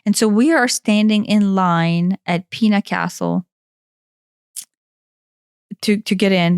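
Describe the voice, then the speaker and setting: Brief: a woman, animated and rambling, recorded very dry and close. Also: mid-range voice, a little slow, long pauses, clean tone, no room sound. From Kentucky, USA. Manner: animated, rambling, with frequent restarts and "like". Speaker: podcast co-host. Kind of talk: casual storytelling chat.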